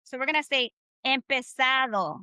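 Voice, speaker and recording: Leading a live Spanish class online, an upbeat, encouraging woman drills phrases with her group in a high, bright, animated voice at a moderate pace. Her audio is close and dry, without room echo.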